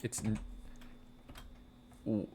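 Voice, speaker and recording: Speaking extremely slowly in a dark tone, a man streams a game on a rough recording. He grumbles to himself as he plays and trades jokey, fake-outraged remarks with his chat.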